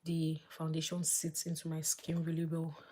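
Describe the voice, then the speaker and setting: Woman vlogger, low voice, husky, chatty live makeup tutorial with soft asides. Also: completely flat delivery, normal speed. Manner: chatty, thinks aloud, drops to soft murmurs while applying makeup. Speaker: beauty vlogger.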